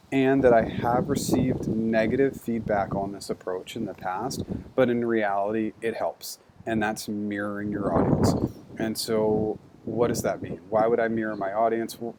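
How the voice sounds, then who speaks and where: A career coach with a lowish voice gives a structured but conversational lesson on job interview skills, working through numbered points. There's noise in the background.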